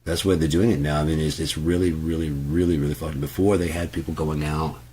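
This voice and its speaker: Very deep-voiced man, rambling and profane. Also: fairly even intonation, fast, darkish tone, breathy edge. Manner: loose, profane, full of asides and restarts. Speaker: music channel host. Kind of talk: casual rambling talk to camera.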